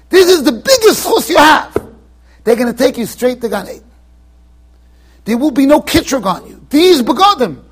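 A man's voice: extremely high pitch, fairly bright tone, breathy edge, exaggerated voice. A man acting out a revered, commanding old rebbe in a story, declaring things emphatically.

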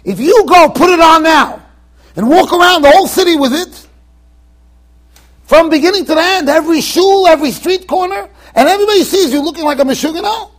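A man acting out a mocking card-playing townsman who sets a humiliating dare, with taunting, drawn-out emphasis. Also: very high-pitched, animated, pitched above the performer's own voice.

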